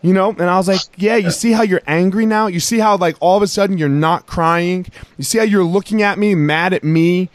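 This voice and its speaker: A man hosting a casual podcast and telling an animated story about his kids. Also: high-pitched, a little fast, few pauses, no room sound. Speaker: podcast host.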